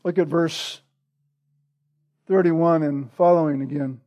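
A man with a noticeably high-pitched voice delivers an expository sermon as pastor. He speaks slowly and earnestly, leaning on repetition for emphasis. He keeps tagging his points with a rhetorical "right?". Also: steady tone, mellow. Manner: earnest, rhetorical, frequent "right?" tag questions; slow and deliberate with emphatic repetition.

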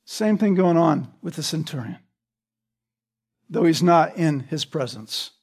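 A man delivers an expository sermon in a high-pitched voice. He explains the text word by word, keeps checking in with his listeners, and restarts phrases now and then as he works through each verse. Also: lively intonation, measured pace, gravelly, darkish tone, husky. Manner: explanatory, frequent "right?" checks and small restarts. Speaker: preacher.

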